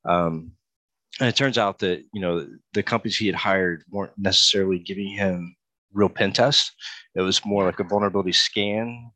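Deep-voiced man host, dry sound. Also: dry recording, low-quality recording. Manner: relaxed, repeats words while thinking. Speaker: interviewer, pen tester. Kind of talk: conversational interview.

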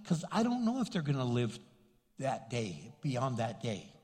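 A man with a New Mexican accent preaching a sermon as pastor, animated and joking, acting out voices. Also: medium pitch, a little slow, in a large hall. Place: church sanctuary.

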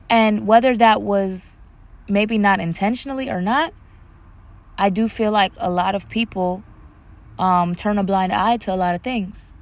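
A woman hosting a solo podcast with an African American English accent, talking casually and animatedly, slipping into playful voices when quoting others. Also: mid-range voice. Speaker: podcast host.

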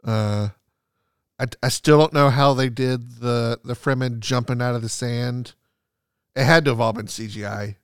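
A man co-hosting a podcast, chatting excitedly about a movie, full of "like" and acting out scenes. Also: mid-range voice, normal speed, clean tone, dry recording, studio quality. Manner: excitable, filler-heavy, acts out scenes. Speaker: podcast co-host. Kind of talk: casual movie chat.

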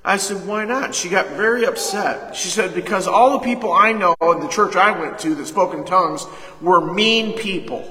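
A man preaching a sermon as pastor, leading call-and-response and retelling a conversation, with sudden loud emphasis. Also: high-pitched, moderate pace. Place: church sanctuary. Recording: echoey hall reverb.

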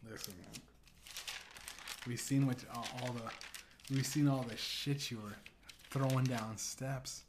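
A stern, lecturing God with a Southern US drawl, put on by a man. He speaks low and steady, in a voice pitched mid-range for a man, with faint background noise. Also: slow, pauses often. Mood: stern scolding. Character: stern male God scolding a sinner.

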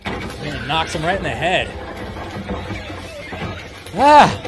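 A man hosting a casual film-news livestream, talking in an animated, swearing, excitable way. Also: a little high, normal speed, noisy background. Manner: animated, swears often, loud bursts. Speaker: host.

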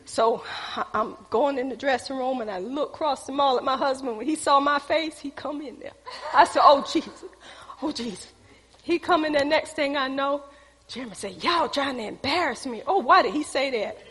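A middle-aged woman preacher telling a testimony, animated, acting out quotes and talking straight to the crowd. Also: sits high, fairly quick, in a large hall. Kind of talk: sermon testimony storytelling.

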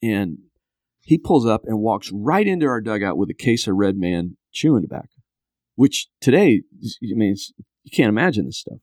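Low-voiced man telling animated stories. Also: normal speed, dry recording, clean studio sound. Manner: animated storyteller who acts out quotes. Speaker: podcast guest. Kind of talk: casual storytelling.

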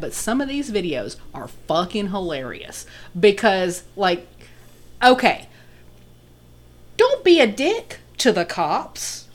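A woman co-hosting a casual podcast, blunt and opinionated, swearing freely. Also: medium pitch. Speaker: podcast co-host. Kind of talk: casual chat.

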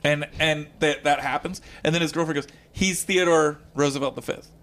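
A man's voice: on the high side, normal speed, a little hiss or hum. Chatty man telling a story. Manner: animated, acts out quotes with lots of fillers. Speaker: guest comedian. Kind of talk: casual storytelling.

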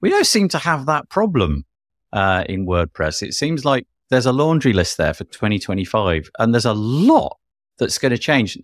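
A man's voice: medium pitch, sing-song, normal speed, no echo, clean studio sound. A man hosting a podcast, chatting about tech news in an enthusiastic, rambling way. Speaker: podcast host. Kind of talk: casual tech news chat.

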